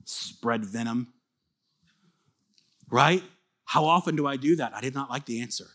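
A man preaching a sermon as pastor, earnest and conversational, swinging from emphatic bursts to soft confiding asides. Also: mid-range voice, unhurried.

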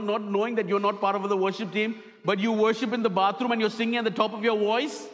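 A man's voice: high voice, a bit bright. A male pastor preaching a sermon, repeating key lines and acting out stories with dramatic voices. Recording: long hall reverb.

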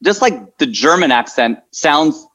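A man who is a comedian, chatting in an interview and telling stories in an animated way, jumping into high voices for quotes. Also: unhurried, lo-fi sound. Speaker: comedian guest. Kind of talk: casual interview talk.

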